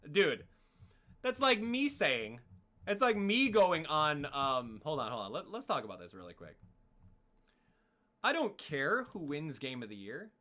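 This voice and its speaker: A young man in a casual live-stream rant, heated and exasperated as he talks to his viewers. His voice is bright and fairly high for a man, with a lively, swinging pitch.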